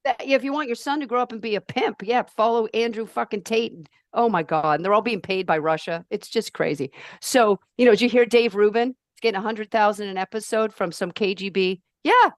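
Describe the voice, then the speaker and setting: A woman guesting on a podcast, talking in an emphatic, outspoken, animated way with big swings in pitch. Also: a little fast, few pauses, dry recording, studio quality. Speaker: podcast guest, life purpose coach. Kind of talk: casual podcast conversation.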